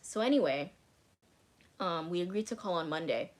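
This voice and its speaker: A young woman vlogger tells a personal story in a casual chat, candid and swearing freely while saying "like" a lot. Her voice is fairly low-pitched and animated, at a normal speed.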